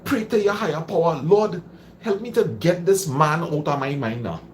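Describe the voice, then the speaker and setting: A man's voice: a little high, normal speed, a little hiss or hum. A man hosting a live stream, giving casual motivational advice, repeating phrases for emphasis and answering viewer comments. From Trinidad and Tobago.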